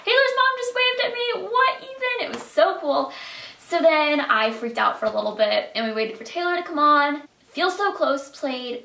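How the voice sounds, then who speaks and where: A teenage girl telling a storytime vlog in an excitable, chatty way with lots of fillers. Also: fairly high pitch, gravelly. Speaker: vlogger. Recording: echoey room.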